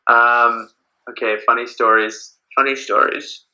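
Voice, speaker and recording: A man's voice: mid-range voice, fairly quick, bright, forceful tone, lo-fi sound. A man, a podcast guest, chatting casually with lots of fillers and frequent laughs. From Canada. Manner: rambling, laughs often, many fillers. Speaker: podcast guest, beach volleyball player. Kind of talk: casual interview chat.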